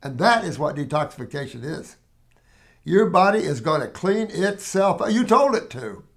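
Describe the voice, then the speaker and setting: Older male host, higher register, casual rambling storyteller. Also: normal speed. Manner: rambling, animated storytelling with restarts and acted quotes. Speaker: herbal health show host answering questions. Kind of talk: casual Q&A talk.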